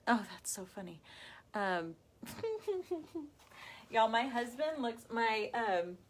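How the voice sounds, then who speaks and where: A woman's voice: on the high side, big pitch swings, very slow, slight background noise. A woman hosting a casual live craft demonstration, chatty and gushing, calling her viewers y'all. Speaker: craft shop owner hosting a live video.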